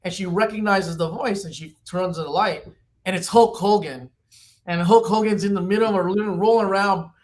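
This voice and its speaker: A man in his fifties with a somewhat high voice, speaking as a guest on a podcast. He pitches his company's product through lively, animated storytelling. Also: fairly quick. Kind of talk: podcast interview.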